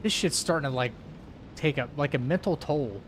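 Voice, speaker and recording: A man's voice: a little high, normal speed, slight background noise. A man streaming a game live, commentating to his chat in an exasperated way and swearing a lot.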